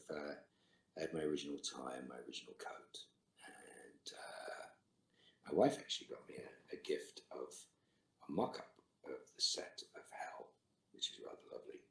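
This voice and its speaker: A bass-voiced middle-aged man speaks at a moderate pace. He's an actor taking part in a virtual fan Q&A, reading out questions over a video call and responding with dry, terse quips. The sound has a roomy echo.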